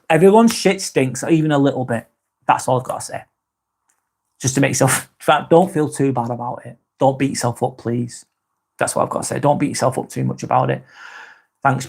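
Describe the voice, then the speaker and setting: A man's voice: mid-range voice, creaky, a little mellow. A man hosting a live vlog, answering chat in a rambling, frank way, swearing often and restarting sentences. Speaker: host.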